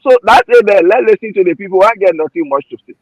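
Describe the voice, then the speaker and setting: A Liberian-accented man talks politics with heat and feeling, his voice pitched high for a man. He circles back over his points again and again. The sound is close and dry, with no room around it. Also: lively intonation, fast talker, dry recording, rough recording. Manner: emotional, repetitive, heated. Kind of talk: passionate political commentary.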